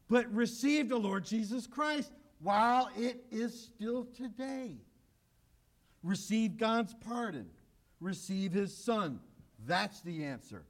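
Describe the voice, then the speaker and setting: A pastor preaching a sermon in an urgent, emphatic way, pressing the same call again and again. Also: male voice, high voice, animated, takes it slowly. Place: church, broadcast on radio and online.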